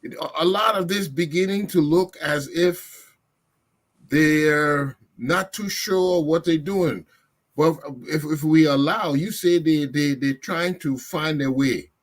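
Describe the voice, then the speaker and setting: Male moderator, measured, slow-paced, slightly raised pitch. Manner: measured questioning. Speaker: debate host. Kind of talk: moderating a panel debate.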